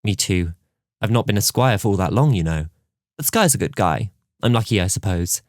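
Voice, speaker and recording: A man's voice: lowish voice, lively intonation, normal speed, dry recording, clean studio sound, lightly acted. A man voicing a charming, cocky young squire in an audiobook, teasing and easygoing.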